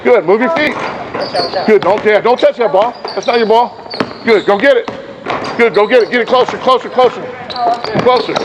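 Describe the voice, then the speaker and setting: A man's voice: high voice, animated, moderate pace, long pauses, muffled recording, noisy background. A man coaching players through basketball drills on an indoor court, calling out short repeated commands and explaining points to other coaches. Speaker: basketball coach running a clinic.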